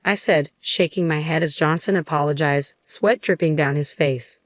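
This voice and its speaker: A woman narrating a story in an even, unhurried scripted delivery. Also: deep voice, no echo.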